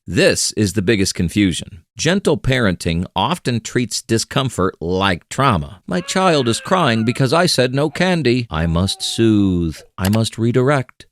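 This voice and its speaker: A man's voice: fairly low pitch, no echo. Wry, punchy man narrating, dry sound. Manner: wry, punchy delivery with sarcastic asides. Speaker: explainer narrator. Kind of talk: scripted comedic narration.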